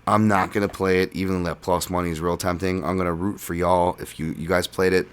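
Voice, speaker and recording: A man's voice: low voice, little pitch movement, quick pace, smooth. A man hosting his own podcast, talking through fight picks alone in a loose, casual way, with frequent ums and restarts. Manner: casual, many fillers and restarts. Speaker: podcast host. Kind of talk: solo sports betting breakdown.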